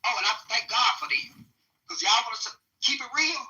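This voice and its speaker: A man's voice: high-pitched, animated, fast talker, bright, forceful tone. A man talking candidly on a podcast, blunt and profane, repeating himself to make his point. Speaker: podcast speaker. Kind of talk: candid casual talk. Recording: roomy sound from a distant mic.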